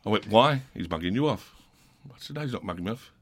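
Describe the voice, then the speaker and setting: A man in his fifties with a South London accent, telling rowdy stories with swearing and laughter, loud bursts when he acts out others. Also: lowish voice, animated, fast, slight background noise. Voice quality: rough-edged, laughs through his stories. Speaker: guest, former footballer. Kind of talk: casual storytelling with swearing.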